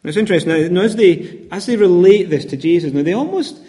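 High-voiced man preaching in a reverberant hall. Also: lively intonation, fast talker, mellow. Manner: conversational, hesitant with fillers and repeats. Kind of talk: sermon.

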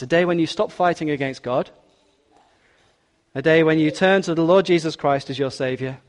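A man preaching a sermon in a church, emphatic and repetitive, drawing in the congregation. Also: on the high side. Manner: emphatic, repeats key words, talks with congregation.

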